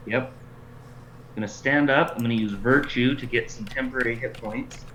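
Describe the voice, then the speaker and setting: A man's voice: mid-range voice, fairly even intonation, normal speed, a bit bright, slight background noise, poor audio. A man playing in a tabletop game, giving short, laid-back answers. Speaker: player. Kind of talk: casual game play.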